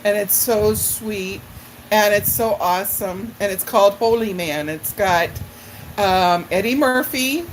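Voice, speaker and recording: A woman's voice: mid-range voice, a little hiss or hum, poor audio. A middle-aged woman hosting a live stream in a casual chat, rambling as she greets viewers by name and answers their comments. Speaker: livestream host.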